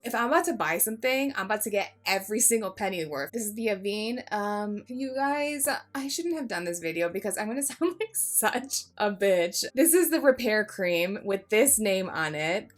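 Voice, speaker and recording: A woman's voice: mid-range voice, animated, moderate pace, soft background music. A woman giving a casual makeup tutorial, chatty and jokey, swearing freely and mocking herself. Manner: self-mocking asides. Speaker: beauty vlogger.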